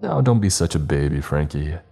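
A man's voice: a bass voice, big pitch swings, moderate pace, vocal fry, mellow, soft background music, heavily acted. A man voicing a brash, cocky young male explorer who teases his friends. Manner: teasing, brash.

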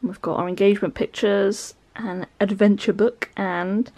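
A woman's voice: mid-range voice, steady tone, unhurried, warm tone. Chatty British woman vlogging at home. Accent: British English. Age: 20s. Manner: chatty, giggly, rambling. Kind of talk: casual home vlog chat. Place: home living room, indoors.

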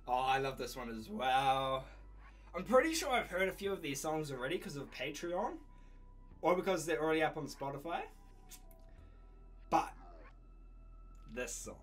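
A man from New Zealand with a New Zealand accent, reacting excitedly to an album while fighting a cold and coughing, gushing and laughing often. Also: mid-range voice, a little slow, long pauses. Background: music playing faintly.

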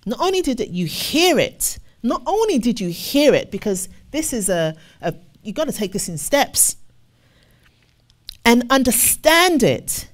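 A woman preaching in a lively, expressive way, her voice sitting a little higher than most. She reads scripture slowly and with weight, then breaks into animated impressions of the people she is talking about. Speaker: ministry officer teaching scripture. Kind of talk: sermon-style Bible teaching.

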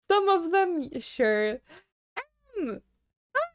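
A woman's voice: high voice, very animated, slow pace, long pauses, dry recording, studio quality. A woman streamer in casual live-stream chat, chatty and giggly, laughing often as she rambles and answers her viewers.

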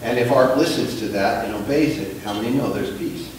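A man's voice: lowish voice, slight background noise. Man preaching in an echoey sanctuary. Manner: emphatic preaching with call-and-response to the congregation; swings from quiet storytelling to loud, drawn-out emphasis. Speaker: pastor. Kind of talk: sermon. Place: church sanctuary. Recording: echoey church sanctuary, mic at a distance.

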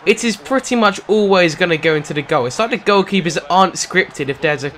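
A young British man giving gameplay commentary on a football video game, excitable and sarcastic, shouting at goals. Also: sits high, a little fast. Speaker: gaming commentator.

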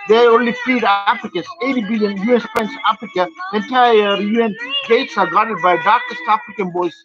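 A man's voice: very high-pitched, very animated, moderate pace. A man in a rambling, repetitive rant monologue, stumbling over words and repeating himself. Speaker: vlogger. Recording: dull lo-fi audio over loud music.

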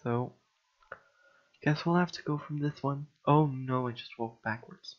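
A man's voice: mid-range voice, measured pace, dull audio. A man giving casual gameplay commentary, frustrated and sighing, mocking himself as he mutters along. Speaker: gamer.

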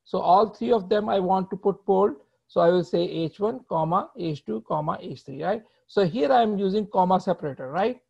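At a normal speed with few pauses, a man with a high, slightly rough, somewhat mellow voice and vocal fry delivers a live coding lecture. He types as he explains patiently, checks in with students, and tags many phrases with "right?", all in muffled lo-fi audio.

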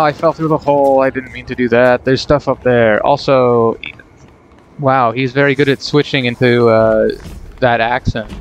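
A man's voice: medium pitch, fairly even intonation, normal speed, muffled recording, a little hiss or hum. A man casually commenting on his own gameplay, rambling and self-deprecating as he talks to himself. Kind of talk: casual let's play commentary.

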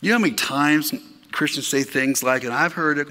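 A man's voice: on the high side, fairly quick, pushed and bright, big-room sound. A male pastor preaching a sermon in an emphatic, conversational way, talking directly to his congregation. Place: church sanctuary.

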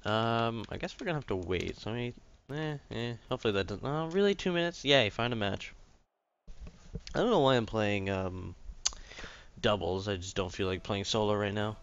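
A man giving casual, excitable commentary while playing a game, swearing at his teammates. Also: fairly low pitch, normal speed, smooth, highs cut off. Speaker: gaming commentator.

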